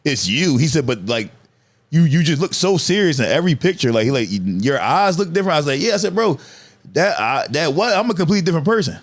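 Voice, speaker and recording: A man's voice: fairly high pitch, big pitch swings, fast talker. A man in his thirties telling stories in a casual, profane podcast chat, laughing as he goes. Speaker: podcast guest, comedian.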